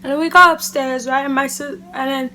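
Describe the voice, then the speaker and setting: A woman with a high, bright-sounding voice recounts a personal story in a casual, chatty vlog. Her delivery is animated and loose, full of "like" and "literally". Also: brisk, a little hiss or hum. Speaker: beauty vlogger. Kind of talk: casual storytime chat to camera.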